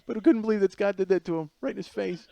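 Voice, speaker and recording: A middle-aged man hosting a podcast, telling a comedic story in an animated way, swearing freely and laughing through the punchlines. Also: high-pitched, rapid-fire, creaky, no echo, lo-fi sound. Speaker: podcast host.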